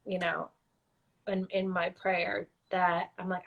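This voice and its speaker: A woman's voice: fairly low pitch, level tone, gravelly, poor audio. Tearful woman telling a personal story. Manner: earnest, halting, faith-driven storytelling. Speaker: guest. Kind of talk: emotional personal interview.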